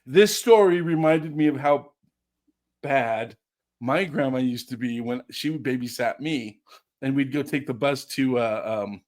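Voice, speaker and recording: A man co-hosting a chat show, talking in a halting way with many fillers. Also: medium pitch, darkish tone. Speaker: co-host. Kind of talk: casual chat.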